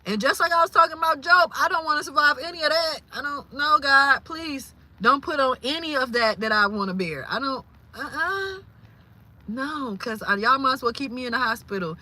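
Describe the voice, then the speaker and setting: A woman from Louisiana hosts a casual livestream chat, her voice pitched a little high and very bright. She talks in an exclamatory, incredulous way and breaks into laughter often. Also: expressive, normal speed. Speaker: livestream host.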